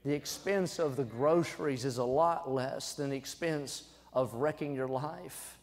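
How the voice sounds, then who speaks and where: A young adult man preaching a sermon, swinging from quiet asides to loud, emphatic exhortation. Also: medium pitch, measured pace. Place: church sanctuary. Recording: church sanctuary with long reverb.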